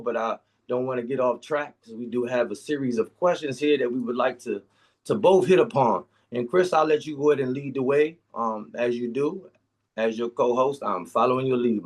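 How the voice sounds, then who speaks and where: Man, minister, talk show co-host, earnest, halting, searching for words, middle pitch. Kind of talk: earnest personal testimony.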